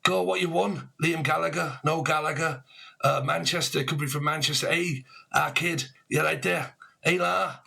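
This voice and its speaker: A man voicing a rowdy, excitable northern English man with a Northern English accent, talking brash and loud. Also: fairly high pitch, normal speed, vocal fry, breathy edge, exaggerated voice. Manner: shouting, brash, swearing.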